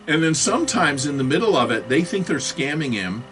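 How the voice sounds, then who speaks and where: A man's voice: on the high side, sing-song, brisk, fairly bright tone, soft background music, rough recording. A middle-aged man giving a casual talk on computer security, with joking, self-mocking asides.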